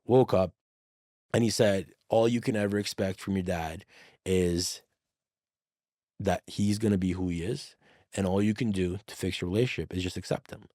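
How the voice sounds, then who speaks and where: Animated swearing man telling a story. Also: deep voice, normal speed, long pauses, no room sound, studio quality. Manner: animated, swears freely, acts out quoted dialogue. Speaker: podcast guest. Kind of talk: casual storytelling.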